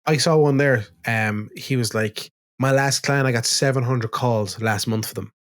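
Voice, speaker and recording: Animated Irish man venting in casual chat. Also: mid-range voice, normal speed. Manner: animated storytelling, acts out quoted exchanges, swears casually. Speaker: podcast co-host.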